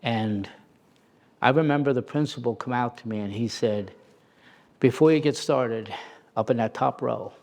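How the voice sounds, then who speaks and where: A middle-aged man telling personal stories in an animated way, laughing often and acting out the voices of the people he quotes. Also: mid-range voice, moderate pace, gravelly, long pauses. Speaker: interview guest, storyteller.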